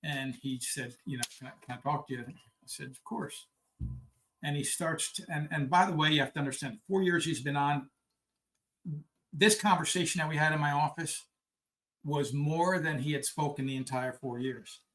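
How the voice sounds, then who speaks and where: A middle-aged man, a fire service leader, calmly telling a personal story in a podcast conversation. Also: on the high side, normal speed.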